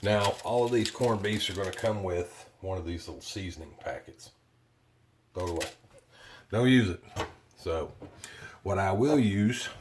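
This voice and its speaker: A deep-voiced man walks through a home kitchen recipe in a relaxed, chatty way, often pausing on fillers. His voice sits low. A faint hiss runs under the camera mic. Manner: chatty, plainspoken, with frequent fillers. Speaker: cooking video host. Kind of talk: casual cooking demonstration.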